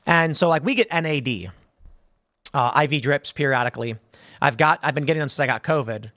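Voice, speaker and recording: A man's voice: on the high side, fairly quick, a bit bright, dry recording, clean studio sound. A man in his thirties hosting a live-stream show, rambling through casual commentary with frequent restarts and a conversational tone. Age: 30s. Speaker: show host.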